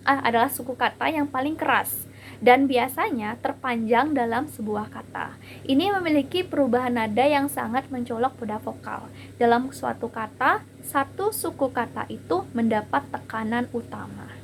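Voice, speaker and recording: Young indonesian woman reading her class slides, kinda high voice, stops and repeats words a lot, bit of hiss behind. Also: vocal fry, low-quality recording. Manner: halting, with frequent fillers and repeated words. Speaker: student presenter. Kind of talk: class presentation read from slides.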